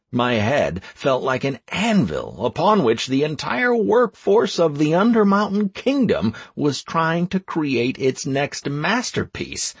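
A man narrating an audiobook in first person, in a wry, expressive way, recorded close to the mic. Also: mid-range voice, husky, no echo.

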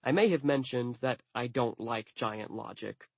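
A man narrating an audiobook in a studio, with wry, deadpan asides. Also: medium pitch, a little slow, creaky, breathy edge, dry recording.

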